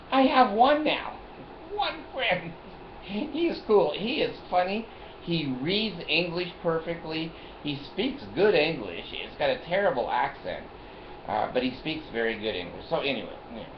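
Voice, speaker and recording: A man's voice: a little high, big pitch swings, unhurried. An older man telling a rambling personal story in a vlog, chuckling often and repeating himself. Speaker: vlogger. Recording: roomy, dull lo-fi recording with faint hiss.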